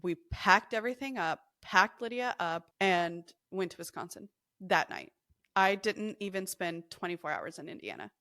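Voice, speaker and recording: A woman's voice: fairly low pitch, animated, normal speed, pushed and bright, dry recording, studio quality. A young woman and podcast co-host, telling a personal story in casual chat, blunt and emphatic.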